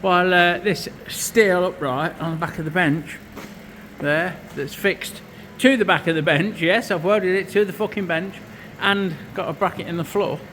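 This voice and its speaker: Swearing freely and speaking bluntly, a male vlogger walks through his metal fabrication in a relaxed workshop narration. He has a high, fairly bright voice at normal speed and gets winded now and then. There's slight noise in the background.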